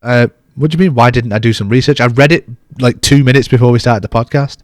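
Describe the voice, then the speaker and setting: A man's voice: mid-range voice, fast, no echo, studio quality. A man co-hosting a podcast, chatting casually in a bantering, self-deprecating way. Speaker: podcast co-host.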